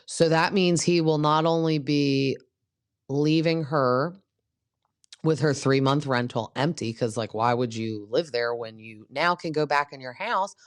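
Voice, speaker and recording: A woman's voice: deep voice, a little slow, no room sound, studio quality. Chatty woman dishing reality TV gossip. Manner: chatty and gossipy, acting out quotes from cast members. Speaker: podcast host. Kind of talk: casual reality TV recap.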